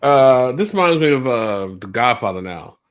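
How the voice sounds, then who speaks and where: A man in casual chat, telling joking stories with animated delivery. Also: medium pitch, normal speed. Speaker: co-host.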